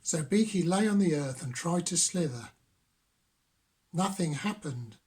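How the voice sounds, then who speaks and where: An older man reading a children's picture book aloud as a grandfather, gentle and unhurried. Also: a little high, expressive, breathy edge. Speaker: grandfather storyteller.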